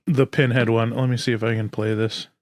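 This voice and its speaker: A man co-hosting a podcast, chatting in a relaxed, hesitant way. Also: medium pitch, fairly quick, no room sound. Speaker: podcast co-host. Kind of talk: casual chat.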